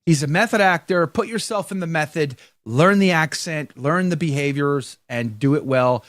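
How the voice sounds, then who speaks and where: A man's voice: fairly high pitch, moderate pace, no echo, clean studio sound. A man co-hosting a live talk show in casual chat, joking and reading viewer comments aloud. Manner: animated, jokey, reads viewer comments aloud.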